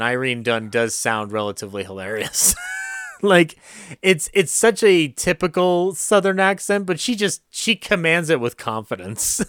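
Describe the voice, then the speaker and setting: A man's voice: fairly high pitch, fairly bright tone, clear, resonant tone, dry recording, clean studio sound. A man co-hosting a casual podcast chat, who laughs often and restarts his sentences. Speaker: podcast co-host.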